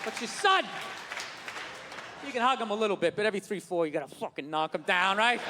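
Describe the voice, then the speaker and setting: A man doing a stand-up routine, ranting and swearing, often shouting. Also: high voice, lively intonation, brisk, pauses often, crowd noise. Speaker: stand-up comedian. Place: large hall with a live audience. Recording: hall reverb, audience laughter and noise.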